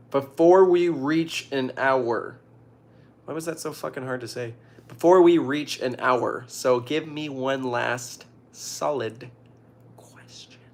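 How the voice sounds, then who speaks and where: A young man casually reading out viewer questions and giving joking, deadpan advice. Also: mid-range voice, gravelly. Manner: reads questions aloud, jokey deadpan answers. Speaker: streamer answering viewer questions.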